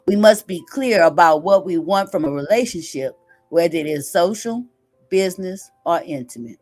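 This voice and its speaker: A woman's voice: lowish voice, expressive, moderate pace, a little mellow, faint music behind. A woman hosting a live stream, reading daily affirmations aloud and chatting casually, often asking "right?". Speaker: livestream host.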